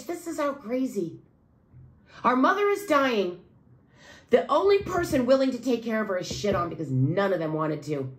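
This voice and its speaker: A woman who makes videos, giving an angry, profane monologue that swings between low muttering and raised outbursts. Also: big pitch swings, normal speed. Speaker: video creator.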